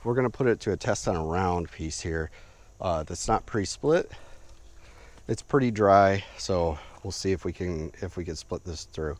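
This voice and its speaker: Man, very low voice, casual outdoor gear review, rambling, lots of ums, a bit winded. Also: normal speed, background noise. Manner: relaxed, rambling, many "um"s. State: a bit out of breath. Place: outdoors in woods.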